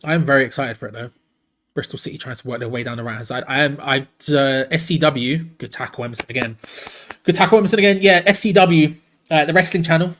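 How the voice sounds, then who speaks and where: A man hosting a live football watch-along. He calls the play excitedly and breaks off to answer viewers in the chat. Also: medium pitch, fast. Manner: excitable, chatty, jumps between play-by-play and reading comments. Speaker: watch-along host and commentator.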